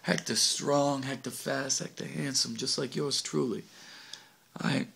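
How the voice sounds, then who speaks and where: A man's voice: mid-range voice, steady tone, measured pace, vocal fry, a bit bright. A man acting a cocky streetwise teenage delinquent in a stage monologue, boastful and slangy, recorded on a home video camera. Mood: swaggering. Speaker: actor in an audition monologue.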